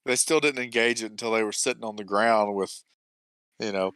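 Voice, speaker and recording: Man, podcast co-host, smooth resonant voice, dry close recording, relaxed chat. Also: fairly low pitch, a little fast, no room sound. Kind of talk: casual chat.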